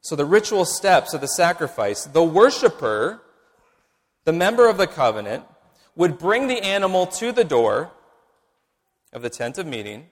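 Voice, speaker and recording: A man's voice: on the high side, sing-song. Man preaching a sermon in an echoing hall. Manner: measured teaching delivery, emphatic repetition. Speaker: pastor.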